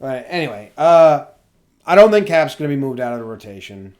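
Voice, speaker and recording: A man's voice: medium pitch, sing-song, brisk, darkish tone. A man co-hosting a podcast in casual chat, teasing his partner and talking baseball. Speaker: podcast co-host.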